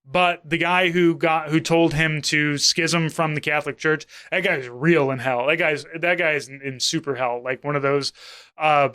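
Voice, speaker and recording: A man in his thirties from St. Louis talks loosely on a podcast, swearing often and circling back on his own sentences. His voice is bright and smooth, sitting a little high for a man. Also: steady tone, normal speed. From St. Louis, Missouri. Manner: rambling, profane, self-interrupting. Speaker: podcast co-host. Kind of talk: casual chat.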